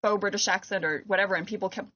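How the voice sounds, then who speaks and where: Animated american woman podcast host. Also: mid-range voice, rapid-fire, lo-fi sound. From United States. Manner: animated, laughs often, quotes people in put-on voices. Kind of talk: casual podcast chat.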